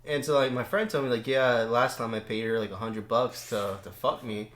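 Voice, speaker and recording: A man's voice: medium pitch, steady tone, moderate pace, a bit bright. A young man, a podcast guest, telling stories in laid-back casual chat, swearing freely. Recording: roomy echo.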